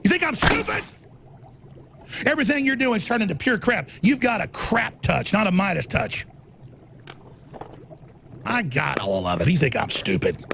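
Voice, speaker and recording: A man voicing a furious conspiracy-theorist radio host with a Texan accent, gravelly and yelling, swearing all the time in a cartoon parody. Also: high-pitched, sing-song, normal speed, long pauses, a little hiss or hum, heavily acted. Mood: paranoid ranting. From Texas.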